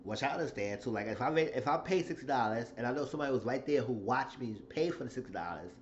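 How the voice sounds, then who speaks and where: A man casually recapping a reality show episode, telling it in an animated, profane way. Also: quick pace, dull audio, a little hiss or hum. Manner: animated storytelling, shifting into high acted quotes.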